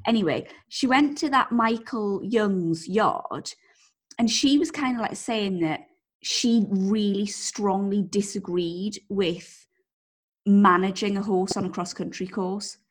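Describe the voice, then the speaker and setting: A woman's voice: medium pitch, slow pace. A woman chatting casually as podcast co-host, talking hesitantly with many fillers. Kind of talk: casual chat.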